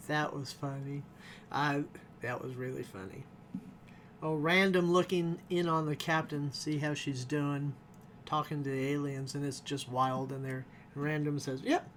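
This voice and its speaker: A man talks through a TV episode in a loose, rambling review and chuckles often. His voice sits a little high for a man. A faint hiss runs under the recording. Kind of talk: casual spoken review.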